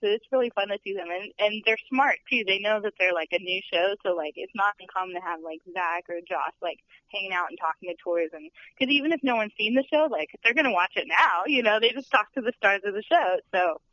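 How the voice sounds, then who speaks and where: A woman's voice: mid-range voice, expressive, quick pace, few pauses, fairly bright tone, a little hiss or hum. Bubbly young woman chatting with fillers. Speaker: studio tour guide. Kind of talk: casual interview chat. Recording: dull lo-fi sound.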